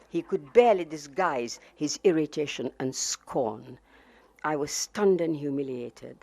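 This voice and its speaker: A woman's voice: low voice, measured pace, creaky, mellow. An older woman from Palestine reading from her memoir in a wry, anecdotal way. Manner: wry, anecdotal, with fillers and laughs. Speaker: author.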